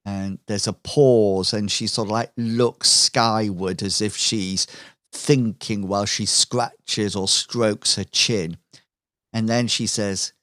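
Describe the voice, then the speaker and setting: A man narrating a tabletop game as game master, telling the scene in a relaxed storytelling way with fillers. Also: on the low side, slow, no room sound, clean studio sound.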